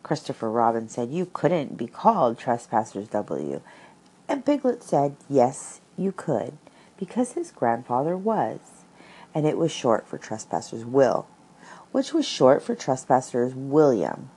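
A woman reading a classic children's story aloud and commenting on it, in an expressive, measured manner. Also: very deep voice, slightly rough, low-quality recording.

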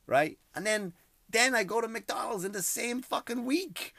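A middle-aged host ranting about everyday hassles in an exasperated, profane, emphatic way. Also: male voice, very high-pitched, expressive, moderate pace, creaky, sharp tone, dry recording. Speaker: podcast host. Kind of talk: comedic rant.

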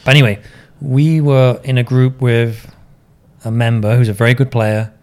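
A man's voice: mid-range voice, flat delivery, moderate pace, darkish tone. Male co-host, dry and matter-of-fact, casual chat. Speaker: podcast co-host and caddie.

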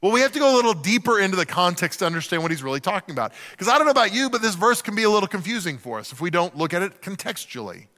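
A middle-aged man preaching a sermon to a church, telling humorous, animated stories with acted-out asides. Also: high voice, racing, hardly any pauses, big-room sound. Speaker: pastor.

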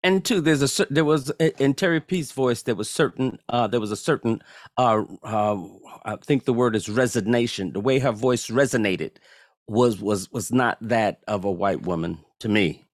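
A man chatting casually as a panelist, halting and searching for words. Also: medium pitch, no room sound, clean studio sound. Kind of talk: casual chat.

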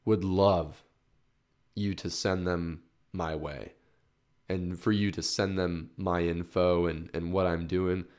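A man hosting his own solo podcast in a casual, rambling way, swearing freely and laughing at himself as he gets fired up. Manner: rambling with restarts, excited rises in pitch. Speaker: podcast host.

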